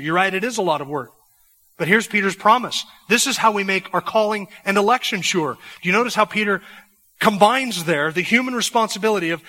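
A man's voice: high voice, pushed and bright, in a large hall, rough recording. A man preaching a sermon from the pulpit, fervent, with rising emphatic phrases. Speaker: pastor. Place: church sanctuary.

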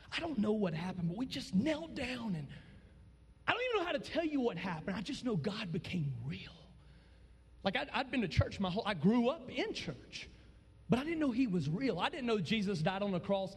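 Young man, preaching, high voice, long hall reverb. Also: big pitch swings, a little fast, slightly rough. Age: 20s. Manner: dramatic swings between loud shouting and low hushed tones. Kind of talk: testimony sermon.

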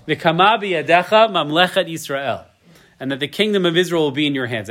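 A man's voice: on the high side, expressive, moderate pace, pushed and bright. A man in his thirties teaching a casual Torah class. He reads each verse in Hebrew, translates it, and keeps asking "right?". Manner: chatty, tags lines with "right?".

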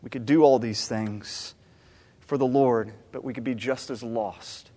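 A man from the American South preaching a sermon, animated and storytelling, acting out the characters and repeating phrases for emphasis. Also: mid-range voice, unhurried. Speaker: pastor. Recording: long reverb of a large hall.

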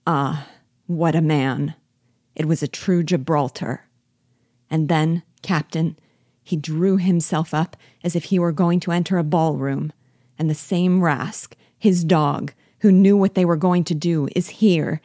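A woman's voice: low-pitched, mellow, dry recording, clean studio sound. A woman voicing a loyal, sentimental old male army sergeant who speaks humbly and rambles.

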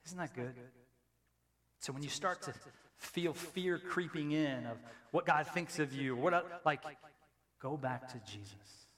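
A man's voice: fairly high pitch, fairly bright tone. A middle-aged man, a pastor, giving a conversational sermon in a church, talking casually with repetitions and building to emphatic peaks. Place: church sanctuary.

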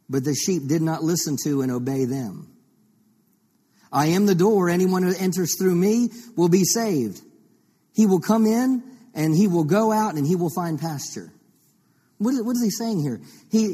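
Husky-voiced pastor preaching in a hall. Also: male voice, on the high side, warm tone. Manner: teaching with frequent rhetorical questions. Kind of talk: sermon. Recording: long reverb of a large hall.

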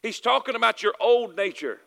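A Southern US pastor preaches in a reverberant hall with a very high-pitched, fairly bright voice, speaking expressively and a little fast with some vocal fry. He calls out for "amen" and "y'all with me" and repeats phrases for emphasis.

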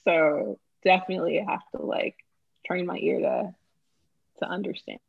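Woman host, low gravelly voice, husky, kinda dull lo-fi sound, laughs a lot. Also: normal speed. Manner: laughs easily, relaxed and chatty. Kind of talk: casual chat.

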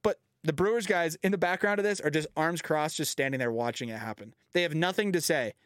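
Animated ranting man, dry close sound. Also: on the high side, fairly quick, dry recording. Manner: animated, profane ranting with lively swings. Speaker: podcast host. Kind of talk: casual chat.

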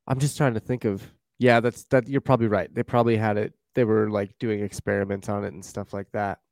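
A man's voice: lowish voice, fairly quick, vocal fry, no echo, clean studio sound. A man chatting casually about a TV series, retelling scenes and acting out lines. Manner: animated, acts out quotes from scenes. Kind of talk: casual chat about a TV show.

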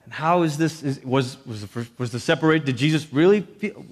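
Man, preacher, sermon, animated, jokey asides, fairly high voice, long reverb. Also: a little fast.

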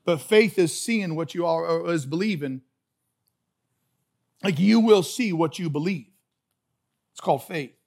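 A male pastor preaching a sermon, animated and joking, moving between quiet remarks and loud hollering. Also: a little high, unhurried, vocal fry, pauses often.

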